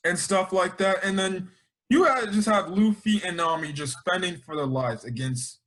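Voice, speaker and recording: A man with a high voice talks through an anime review in casual chat. His pitch swings widely as he rambles, restarts and drops in slang. He sounds excitable throughout.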